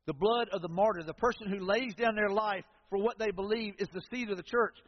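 A man with a high voice, speaking a little fast, preaches to his congregation in a church sanctuary. His style is folksy and conversational, with storytelling asides. The recording is dull and lo-fi, echoing through the hall, with slight background noise.

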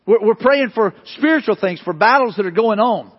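A man's voice: high voice, animated, brisk, slightly rough. A man preaching a sermon as pastor, earnest and emphatic, repeating his points. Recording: dull sound with long hall reverb.

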